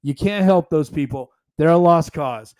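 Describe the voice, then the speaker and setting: A man's voice: a little high, normal speed, a little mellow. A man hosting a solo commentary podcast, talking emphatically in a rambling, conversational way. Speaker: podcast host.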